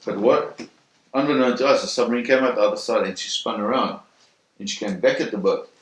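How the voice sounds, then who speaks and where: A man in an interview telling a first-hand story in a vivid, animated way, acting out the sounds and voices. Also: mid-range voice, a little fast. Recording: roomy echo.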